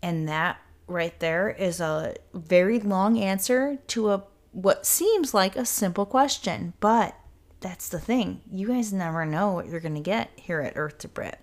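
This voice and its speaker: A woman's voice: medium pitch, unhurried. A woman hosting her own podcast, talking casually in a rambling, self-interrupting way and swearing freely. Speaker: podcast host. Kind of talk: casual solo podcast talk.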